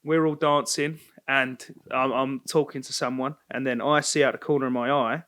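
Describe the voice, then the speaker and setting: A young man, co-hosting a podcast, chatty and slangy with animated storytelling. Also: medium pitch, moderate pace. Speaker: podcast co-host. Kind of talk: casual chat.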